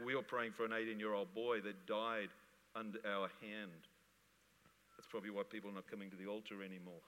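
A male pastor preaching with lively energy, his bright, forceful voice ringing out. The long reverb of a church hall trails after each line. He mixes jokes and laughter into his sermon. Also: medium pitch.

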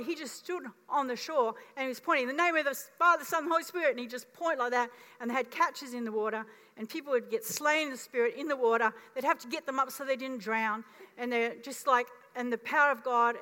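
A woman in her fifties preaches from the pulpit with a high voice. She tells her story with animation, acting out each voice. Her words ring out with the long reverb of a church hall. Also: fast, bright, forceful tone. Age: 50s. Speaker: pastor. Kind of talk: sermon. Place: church auditorium.

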